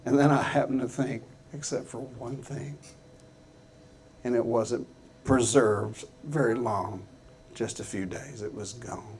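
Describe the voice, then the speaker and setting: A middle-aged man telling an earnest, folksy story to a live audience in a guitar showroom, halting often with fillers. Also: medium pitch, a little mellow, a little hiss or hum.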